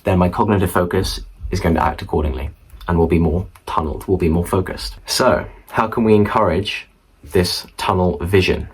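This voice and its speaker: A man's voice: low-pitched, husky, poor audio. A young man talking casually to camera in a room, explaining study tips with chatty asides to the viewer. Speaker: student study vlogger. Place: indoor room at home. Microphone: camera mic facing viewer.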